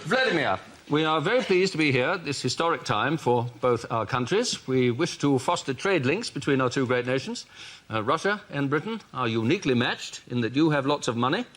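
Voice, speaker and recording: A man's voice: medium pitch, expressive, fairly quick, close to an everyday voice. A man doing a flustered posh prime minister. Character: bumbling posh male British prime minister. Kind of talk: improvised comedy sketch. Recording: loud noise and audience laughter.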